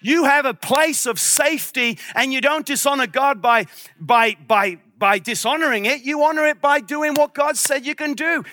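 A male pastor preaching a sermon with passion, at times breaking into shouts. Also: very high voice, moderate pace, no echo.

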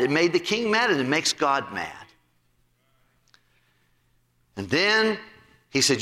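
A male pastor preaching a sermon in an animated, emphatic way. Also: normal speed. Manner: animated, emphatic, swooping pitch. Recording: long hall reverb.

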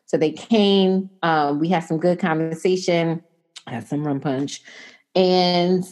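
Speaking slowly in a lowish voice, a young adult woman spins a long, casual story. She's an animated storyteller who performs the dialogue, voicing both herself and the other people involved.

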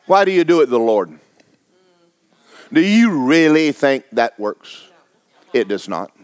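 A man's voice: on the high side, no echo. A man preaching a blunt, exhorting sermon, firing rhetorical questions at his congregation. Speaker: pastor.

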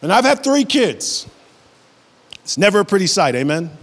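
A man in his thirties preaching a sermon, who builds to high, animated passages and acts out voices in his stories. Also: normal speed, big-room sound. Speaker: pastor.

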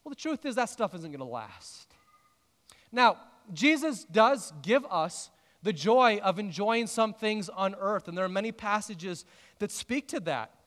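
A man preaching a sermon as pastor, earnest, with emphatic rises and drawn-out pauses. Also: high-pitched, lively intonation, a bit bright. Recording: long hall reverb.

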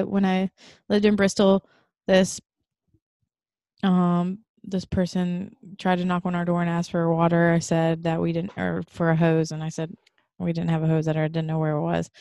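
A woman co-hosting a podcast, telling a story in halting bursts full of "like" and restarts. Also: lowish voice, a little mellow, no echo, clean studio sound. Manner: halting, filler-heavy storytelling. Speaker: podcast co-host. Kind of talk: casual chat.

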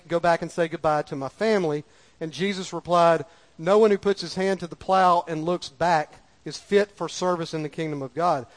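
A man preaching a sermon in a folksy, conversational way, repeating lines for emphasis. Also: high-pitched. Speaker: pastor.

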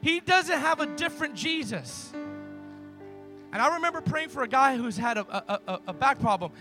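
A man preaching a sermon, telling stories emphatically, swinging from loud to hushed. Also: extremely high pitch, lively intonation, normal speed, music in the background.

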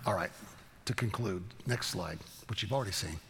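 A man's voice: on the low side, a little slow, creaky, fairly bright tone, a little hiss or hum. Folksy man teaching in a reverberant hall. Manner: storytelling, folksy, rambling with restarts. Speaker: teacher leading a Bible study. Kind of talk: informal Bible teaching talk.

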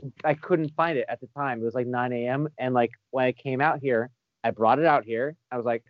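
A man's voice: medium pitch, a little fast, no echo, highs cut off. A man and former bar back telling bar stories in casual chat, swearing often and laughing through them. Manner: profane, laughing storyteller.

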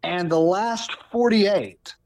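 A man in his thirties telling a personal story in casual talk, animated, often restarting and repeating words. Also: sits high, slow, no echo. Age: 30s. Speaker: podcast guest.

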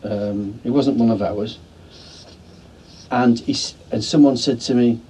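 A man's voice: medium pitch, measured pace, mellow, breathy edge. A man who was a military medic tells rambling, earnest anecdotes in a street interview outdoors on allotments.

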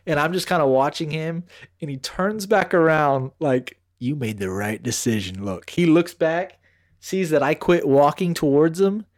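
A young man telling a story in casual podcast chat, animated and profane, acting out both sides of the scene. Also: fairly high pitch, a little slow, dry recording, studio quality.

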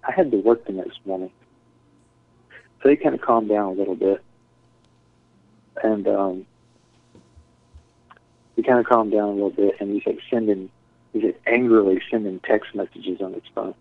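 A man's voice: fairly low pitch, fairly even intonation, normal speed, pauses often, no echo. Slangy man on a tinny line. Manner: rambling, profane, says "dude" and "like" a lot. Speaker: storyteller. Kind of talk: casual chat. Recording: tinny phone-like sound, dry.

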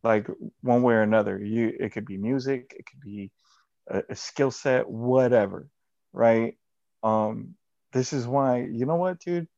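A man's voice: mid-range voice, a little slow, creaky, a little mellow, dry recording, lo-fi sound. A man in casual chat, talking in a rambling, slangy way with plenty of swearing.

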